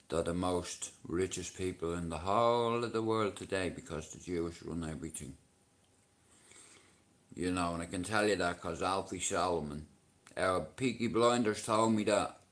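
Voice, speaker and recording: A middle-aged man with a Dublin Irish accent, chatting on his livestream, swearing freely and bantering with viewers. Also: sits low. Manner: profane, banters with chat and shouts at commenters. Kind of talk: casual livestream chat.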